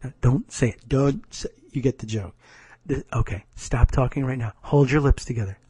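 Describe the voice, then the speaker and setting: A man voicing a calm male presidential aide who murmurs instructions in a low, patient, coaxing way. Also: normal speed, breathy edge, no echo. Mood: hushed coaxing.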